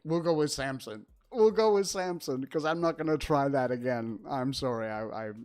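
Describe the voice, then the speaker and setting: A man's voice: medium pitch, a little mellow. An older man chatting casually on a livestream from his home studio, rambling and dryly sarcastic as he reads his chat. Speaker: livestream host. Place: spare-bedroom streaming studio. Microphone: desk setup facing a webcam.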